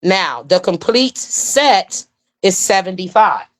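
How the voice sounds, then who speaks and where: A woman showing off her own hair and beard care line in a casual, enthusiastic demo, with folksy talk and drawn-out oohs. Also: medium pitch, lively intonation. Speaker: product seller demonstrating her own line.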